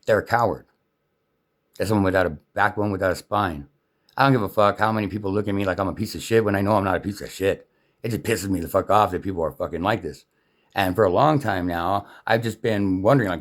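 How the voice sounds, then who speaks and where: A man's voice: deep voice, quick pace, a bit bright. A man in an angry, unscripted rant, talking in a heated, profane and repetitive way.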